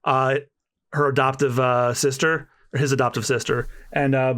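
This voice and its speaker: Podcast co-host, male, bright and forceful tone, eager and rambling. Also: medium pitch, flat delivery, moderate pace. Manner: enthusiastic, rambling with many fillers. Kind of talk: casual chat.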